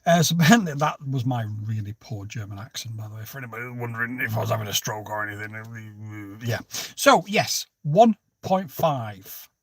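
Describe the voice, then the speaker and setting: A man's voice: fairly low pitch, animated, normal speed, no echo. A man hosting a casual livestream, chatting and joking as he answers viewers' comments. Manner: chatty, jokey, jumps between topics and greets viewers by name. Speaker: livestream host.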